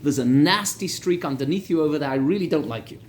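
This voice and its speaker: A man's voice: on the high side, animated, fast talker, slight background noise, natural voice. A man voicing a suspicious wealthy man who sneers and accuses. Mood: scornful.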